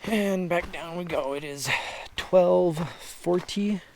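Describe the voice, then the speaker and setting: A man filming himself on a high mountain trail, chatting casually to an action camera and pointing out landmarks as he walks. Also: slow pace, creaky, darkish tone, slight background noise. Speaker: hiker filming his trip.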